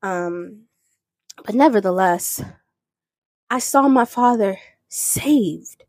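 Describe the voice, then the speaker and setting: A woman's voice: medium pitch, animated, takes it slowly, pauses often, darkish tone, no echo. A woman hosting a podcast, telling a personal faith testimony in an earnest, rambling way with restarts. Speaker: podcast host.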